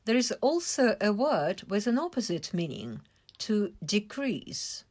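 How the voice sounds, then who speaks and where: A woman giving an English vocabulary lesson, explaining words slowly and carefully and stressing syllables. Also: medium pitch, wildly swooping pitch, a little mellow. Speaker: English teacher.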